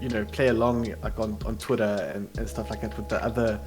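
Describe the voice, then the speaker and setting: A man's voice: on the low side, little pitch movement, fairly quick, faint music behind. A South African man, a content creator and podcast guest, chatting casually with many fillers and restarts.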